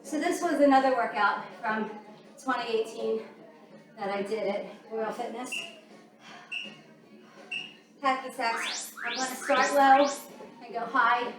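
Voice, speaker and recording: Working out alongside her class, this woman instructor calls out the moves and counts down, clearly out of breath. Her voice is on the high side, a bit bright, and measured in pace, picked up from far off in a reverberant room while music plays.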